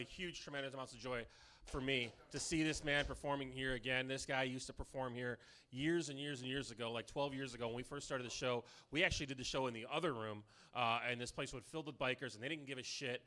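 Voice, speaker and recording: A man hosting a comedy show, hyping the crowd, then dropping into earnest, quieter talk to introduce the headliner. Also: medium pitch. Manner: hyped announcing that drops to earnest, quiet talk. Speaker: host and MC. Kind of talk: introducing comics. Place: comedy club stage.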